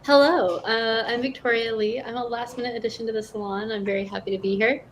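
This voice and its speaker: A woman's voice: a little high, steady tone, quick pace. A woman author introducing herself in a friendly way on a video call, with some ums and uhs. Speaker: author guest. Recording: noisy call with clicks.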